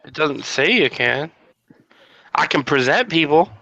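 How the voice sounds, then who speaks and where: A man's voice: fairly high pitch, animated, measured pace, vocal fry, sharp tone, dry recording, muffled recording. A man who hesitates and thinks aloud while chatting on a casual group video call.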